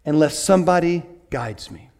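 A pastor preaching a sermon in an animated way, moving from hushed asides to excited bursts. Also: male voice, a little high, moderate pace, creaky.

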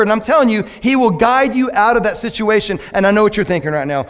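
A man preaching a lively, joking sermon as a pastor to his church, with sudden loud outbursts. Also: high-pitched, quick pace, hardly any pauses. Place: church sanctuary. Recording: long hall reverb.

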